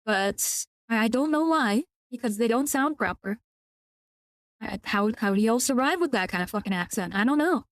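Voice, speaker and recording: Gaming live, a young Californian-accented woman chats in a rambling way full of restarts and casual cursing. Her slightly high voice is expressive, at a moderate pace, with no echo.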